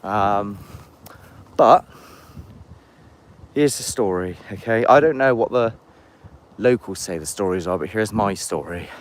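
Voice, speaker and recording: A man's voice: lowish voice, a little slow, long pauses. A man with a chatty, rambling manner, streaming a live walking vlog outdoors in woodland on a handheld phone. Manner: chatty, rambling, jokey asides. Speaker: paranormal investigator, live streamer.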